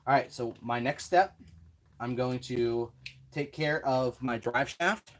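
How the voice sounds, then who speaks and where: Slow and medium-pitched, an RC hobby host guides a hands-on build at his home workbench, casually talking himself through each stage and teasing himself as he goes. There's a little hiss or hum on the audio.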